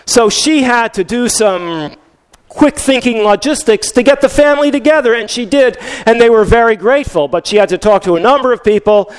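Older male pastor with a high voice. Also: a little fast, clear, resonant tone. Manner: conversational storytelling, many restarts. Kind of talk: sermon.

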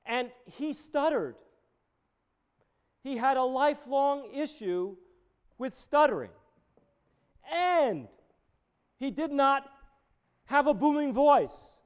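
High-voiced man preaching a sermon. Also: sing-song, takes it slowly, long pauses. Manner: conversational, digressive with personal stories. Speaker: pastor.

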